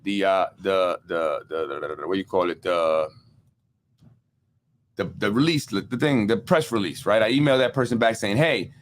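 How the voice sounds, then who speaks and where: A man hosting a casual political podcast, talking in an animated way, repeating himself and using street-casual slang. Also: fairly low pitch, moderate pace. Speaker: podcast host.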